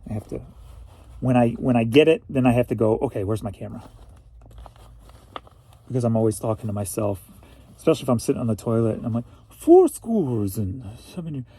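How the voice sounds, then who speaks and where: Gravelly low-toned man chatting casually. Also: steady tone, fast talker, long pauses, warm tone. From St. Louis, Missouri. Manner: rambling, chatty, emotional at times. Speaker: reseller vlogger. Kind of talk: casual solo vlog.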